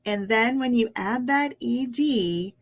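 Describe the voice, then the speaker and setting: A woman's voice: fairly high pitch, takes it slowly. A woman with an American accent teaching English pronunciation, patient and encouraging, often laughing lightly as she explains. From United States. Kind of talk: pronunciation lesson.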